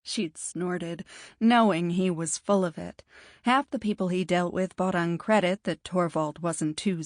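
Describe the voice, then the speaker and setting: In studio-quality audio with no room sound, a woman with a fairly low voice narrates a fantasy audiobook from a script. Her storytelling is steady and measured.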